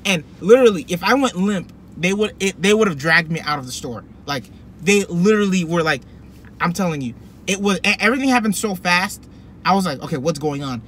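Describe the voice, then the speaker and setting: A young man telling a personal story to camera in a rambling, animated way, full of fillers and restarts. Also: high-pitched, brisk, slight background noise. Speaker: vlogger. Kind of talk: casual storytelling.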